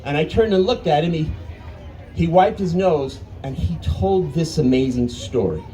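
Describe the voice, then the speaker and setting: Man in his fifties, folksy storyteller with a mellow, fairly high voice, lively with dramatic pauses. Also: a faint crowd, slight background noise, rough recording. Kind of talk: live storytelling. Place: arts festival stage.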